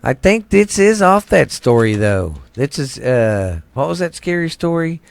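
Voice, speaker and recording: A man's voice: a little high, very animated, measured pace, creaky, no echo. A man with a Southern US accent chatting on a podcast, cracking crude jokes and swearing as he reacts to a ghost story. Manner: crude joking, swears, riffs on movies. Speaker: podcast co-host. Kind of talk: casual chat.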